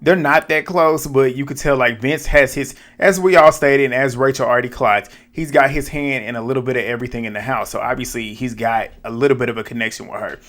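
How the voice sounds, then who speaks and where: A young man giving a casual, animated recap of a reality show, speaking bluntly and with lots of slang, directly to his viewers. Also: medium pitch, brisk, hardly any pauses. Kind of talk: casual episode recap and commentary.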